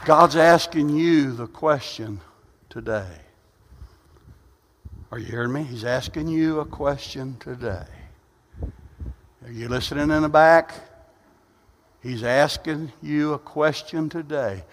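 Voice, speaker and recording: Male preacher, high-pitched, big dynamic swings between hushed asides and soaring peaks, recorded in a reverberant sanctuary. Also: a little hiss or hum. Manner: swings from quiet asides to loud, rising, drawn-out preaching. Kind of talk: sermon. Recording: long hall reverb.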